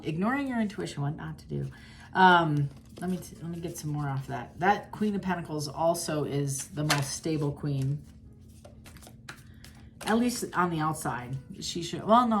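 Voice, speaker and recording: A woman with a low, deep-set voice talks through a tarot reading in a loose, chatty way. She speaks straight to her viewers, blunt and candid, and often breaks off to restart a phrase. A faint hiss sits under her voice. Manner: chatty and blunt, with frequent restarts and sudden laughs. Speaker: tarot reader.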